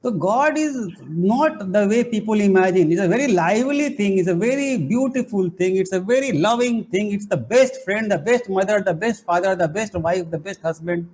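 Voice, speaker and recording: A middle-aged man, giving an animated spiritual talk full of playful, emphatic rhetorical questions. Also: high voice, normal speed, hardly any pauses. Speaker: spiritual teacher and college head.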